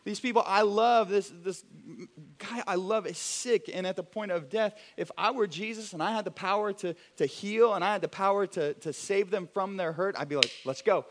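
A young man preaching in a church sanctuary. His voice sits a little high, and his delivery is animated and chatty, full of restarts and playful asides. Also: normal speed. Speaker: pastor. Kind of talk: sermon.

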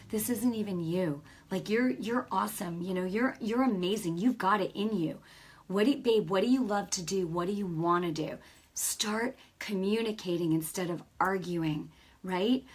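A woman's voice: medium pitch, a bit bright, husky. A woman preaching an off-the-cuff sermon to viewers, earnest and emphatic, sometimes dropping to a whisper. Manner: talks directly to viewers, many "you know" asides. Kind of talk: spontaneous sermon to a camera audience.

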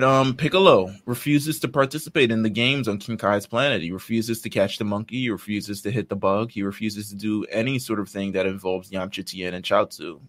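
A man co-hosting a casual fan podcast, laid-back and quick to laugh as he retells scenes. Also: on the low side, fairly bright tone. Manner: laid-back, laughs often, acts out characters' lines. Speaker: podcast co-host.

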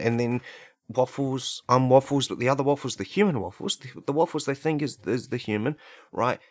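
A man hosting a comedy podcast, rambling through an absurd deadpan monologue full of fillers and tag questions. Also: medium pitch, a little fast, dry recording, clean studio sound. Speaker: podcast host.

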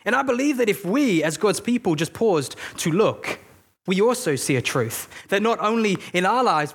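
Male pastor, mid-range voice, chatty earnest sermon with personal stories. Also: medium pitch. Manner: earnest, conversational storytelling with self-deprecating asides; repeats words and restarts when thinking aloud.

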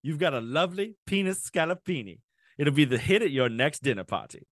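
A man's voice: fairly high pitch, big pitch swings, fairly quick, no room sound, clean studio sound, voice pushed up. A man putting on a hammy, upbeat male cooking-show chef with showy presenter patter. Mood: hammy cheerful.

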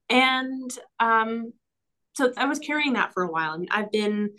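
A woman's voice: fairly high pitch, expressive, a little slow, pauses often, a bit bright. A woman speaking as a guest on a podcast, in a reflective, enthusiastic way, with frequent fillers and small laughs. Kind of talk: casual conversational interview.

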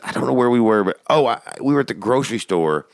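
A man's voice: medium pitch, fast talker, vocal fry, no echo, studio quality. A man in his thirties, a comedian, telling family stories in casual podcast chat and swearing casually. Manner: animated storyteller, swears casually.

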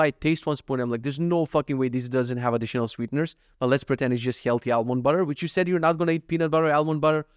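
A man's voice: mid-range voice, dry recording. A young man hosting a podcast, talking candidly and self-critically in a rambling, profane confessional monologue into a close mic. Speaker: podcast host.

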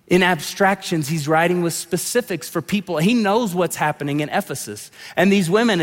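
A man delivers a sermon in a conversational style, full of restarts and side remarks. His voice sits fairly high for a man. A long reverb from a large sanctuary hangs behind every phrase. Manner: conversational preaching, many restarts and asides. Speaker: pastor.

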